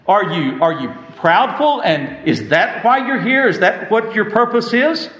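A man's voice: high-pitched, expressive, moderate pace, a bit bright. A man preaching a sermon, reading scripture and retelling it with dramatic emphasis. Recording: echoey room.

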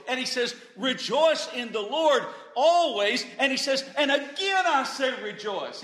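A man preaching a sermon, rising to loud emphatic peaks and dropping to quiet asides, often stammering and restarting. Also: high voice. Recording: echoey room.

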